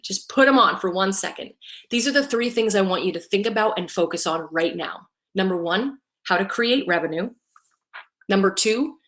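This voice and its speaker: A woman's voice: mid-range voice, a bit bright. Upbeat woman coaching on a live stream. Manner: upbeat, coaching, repeats "right?". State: emotional at times. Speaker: salon business coach. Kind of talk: live-streamed motivational talk.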